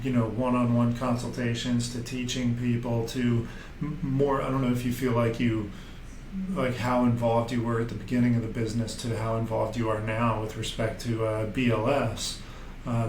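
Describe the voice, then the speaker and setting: A man hosting a casual interview, asking thoughtful questions with some hesitation. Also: mid-range voice. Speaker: podcast host. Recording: roomy with faint noise.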